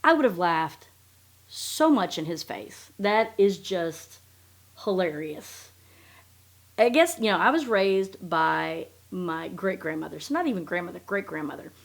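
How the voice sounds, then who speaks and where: A woman's voice: fairly low pitch, big pitch swings, a little slow, gravelly. A woman hosting a podcast, recapping in a blunt, profane, sarcastic casual chat. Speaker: podcast host.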